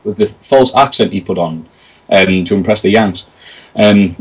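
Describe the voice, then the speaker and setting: A man's voice: fairly low pitch, normal speed, breathy edge, far from the mic, low-quality recording. A British man telling stories in a casual interview, chatty and jokey, acting out quotes in other voices. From Britain. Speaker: interview guest, video creator.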